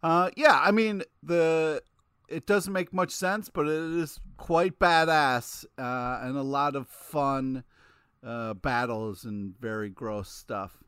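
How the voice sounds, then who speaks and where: A man co-hosting a casual comic review chat, talking in an excitable, rambling way. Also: mid-range voice, slow, clean tone, dry recording, studio quality. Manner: excitable, rambling, many fillers. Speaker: co-host.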